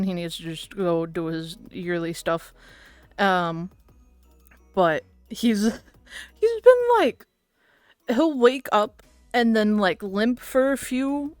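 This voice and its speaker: A woman's voice: medium pitch, clear, resonant tone, no room sound. A woman streamer chatting casually with her viewers, rambling and laughing often. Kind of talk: casual livestream chat.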